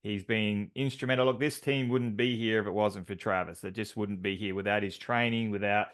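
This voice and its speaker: A man's voice: fairly low pitch, fairly even intonation, a little fast, fairly bright tone. A man co-hosting a team call, announcing award winners with enthusiastic, filler-heavy talk.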